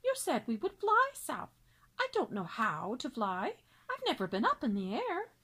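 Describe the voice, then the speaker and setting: A woman voicing an excited chorus of baby swans in a squeaky, sing-song voice. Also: moderate pace, breathy edge, heavily acted. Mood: eager.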